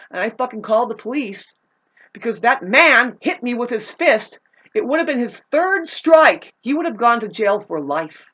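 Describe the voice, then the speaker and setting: A woman's voice: fairly high pitch, animated, moderate pace, fairly bright tone, highs cut off. A woman telling a personal grievance in a casual, rambling monologue, agitated and profane, with frequent restarts.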